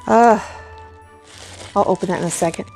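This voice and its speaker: A middle-aged woman chatting casually as she unboxes giveaway gifts, gushing with excited oohs and soft gasps. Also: medium pitch, normal speed, creaky, over music. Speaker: vlogger unboxing a giveaway box.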